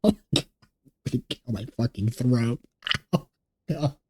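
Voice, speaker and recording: A man's voice: mid-range voice, lively intonation, slow pace, very noisy. A man streaming a video game, joking and swearing about his sore throat from doing voices. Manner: joking, self-mocking, swears freely. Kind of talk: casual game stream commentary.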